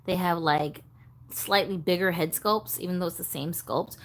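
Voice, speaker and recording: A woman's voice: fairly low pitch, steady tone, moderate pace. A woman hosting a casual doll-collector livestream, chatting in a rambling, easygoing way and reading viewer comments aloud.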